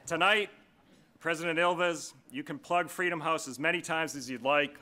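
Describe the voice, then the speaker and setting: A man stands at a formal dinner and introduces the evening's keynote speaker in a prepared, measured speech. His voice is bright and sits a little high. He slows down to lean on key phrases. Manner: measured, slowing for emphasis. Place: large banquet hall.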